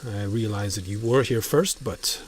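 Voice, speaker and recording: A man voicing a calculating male guild leader who speaks in a measured, diplomatic way. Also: on the low side, slight background noise, voice pushed down, close to an everyday voice.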